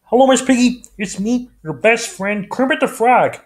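Guy doing a high squeaky frog puppet voice, nasal and lovey, way up high. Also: expressive, normal speed. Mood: affectionate. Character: high-pitched sweet male frog puppet.

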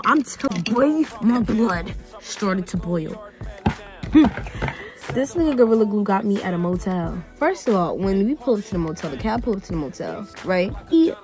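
Over music, a young adult woman vlogger tells a dramatic storytime while getting ready, speaking quickly in a medium-pitched voice. She's casual and slangy, animatedly acting out the voices of the people she quotes.

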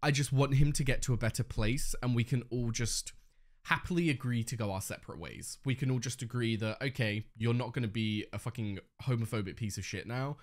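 A man's voice: mid-range voice, fairly quick. A young man giving casual reaction commentary on a show, swearing freely and laughing often. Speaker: reaction video host.

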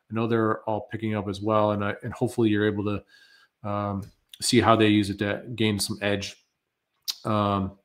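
American man, lowish voice, live webinar q&a, casual and rambling, lots of ums. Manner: loose and conversational, many fillers, reads out viewer questions. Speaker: webinar presenter.

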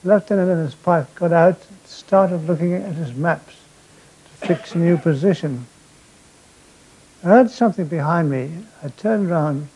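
An older man telling wartime comic anecdotes on stage, with dry deadpan timing and stammered restarts. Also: high voice, husky, low-quality recording. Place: theatre stage before a laughing audience.

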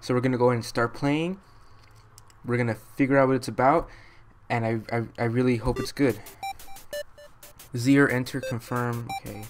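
A man hosting a let's play, chattering excitably through the game with goofy, self-mocking jokes. His voice sits at an ordinary middle pitch. Game music plays clearly behind him. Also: moderate pace, pauses often. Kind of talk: gameplay commentary.

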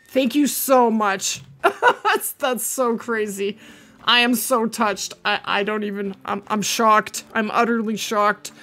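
A woman hosting a live game stream, chatting casually as she plays and gushing over viewers. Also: fairly high pitch. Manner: chatty, thinks aloud, gushes with excitement. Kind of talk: casual live gameplay commentary.

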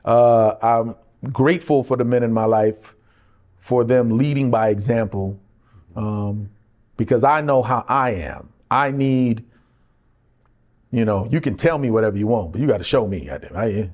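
A middle-aged male actor with a mid-range voice talks at normal speed in a candid interview. Animated and laughing often, he tells conversational stories and acts out other people's lines.

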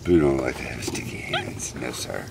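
A man with a very low, deep voice talks fondly to his pet monkeys. His manner is coaxing and doting. He is recorded outdoors, with clear noise in the background. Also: normal speed. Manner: doting, coaxing, talks to the animals, chuckles often. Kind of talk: casual narration to camera. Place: outdoors at a picnic.

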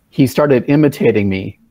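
Guest, male, mid pitch, dry close mic, casual storytelling with repeats. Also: a little slow, warm tone, dry recording. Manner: repeats words as he starts sentences. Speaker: guest language learner. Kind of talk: anecdotal conversation.

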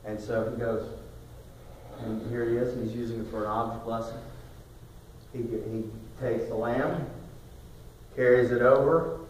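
A man preaching a sermon, telling a story in a quiet voice that rises into loud, emphatic bursts. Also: medium pitch, steady tone, measured pace, pauses often, a little hiss or hum. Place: church sanctuary. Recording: echoey hall recorded from far off.

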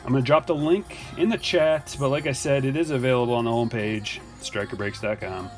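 A man's voice: mid-range voice, fairly quick. Man, casual live-stream chatter, jokey, answers chat, faint music behind. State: a little out of breath. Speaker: card break streamer.

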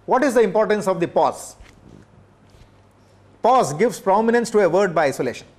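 Middle-aged male professor, higher-pitched voice, measured workshop lecture, hesitant fillers, tag questions to the room. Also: lively intonation, a little mellow. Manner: measured, checks in with "right?" and "okay?".

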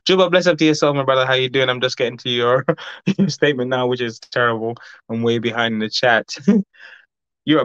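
A man hosting a casual livestream, reading out chat and greeting viewers by name, talking in a rambling, fast way. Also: mid-range voice, no room sound. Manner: rambling, warm greetings, frequent laughs; fast-talking, says his mouth runs fast. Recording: dull lo-fi dry recording.

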